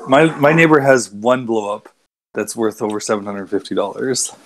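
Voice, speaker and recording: A man's voice: lowish voice, moderate pace, a little hiss or hum, poor audio. A man chatting casually with friends in an easygoing, slightly sheepish way. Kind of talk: casual chat.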